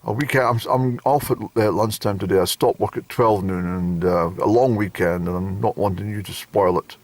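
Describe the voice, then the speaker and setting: A man's voice: on the low side, moderate pace, darkish tone. A man doing a grumpy fed-up Scottish doctor. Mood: impatient. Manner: irritated, dismissive. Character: grumpy impatient male doctor.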